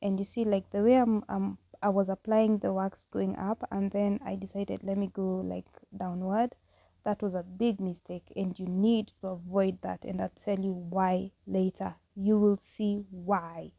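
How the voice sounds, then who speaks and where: A woman's voice: medium pitch, flat delivery, unhurried, gravelly, mellow, no echo. A woman vlogging a casual home tutorial, chatty and candid, laughing at herself as she goes. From Kenya.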